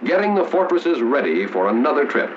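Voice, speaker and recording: A man's voice: medium pitch, very animated, noisy background. Formal 1940s newsreel narrator man. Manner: formal, measured, dramatic pauses. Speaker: documentary narrator. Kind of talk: 1940s wartime documentary narration. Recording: dull 1940s film soundtrack with music.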